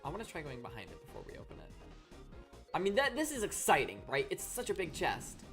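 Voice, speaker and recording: A woman streaming live gameplay, talking to her chat in a chatty, excitable, playful way. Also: deep voice, fast talker, soft background music. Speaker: gaming streamer.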